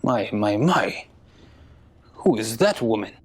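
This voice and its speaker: A man asking questions in a deadpan comic interview, with prim, formal phrasing. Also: fairly low pitch, slow pace.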